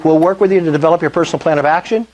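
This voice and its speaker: A man's voice: fairly high pitch, rapid-fire, noisy background. An older man giving an enthusiastic sales presentation at a meetup, often asking the audience questions. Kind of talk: sales presentation to a live group.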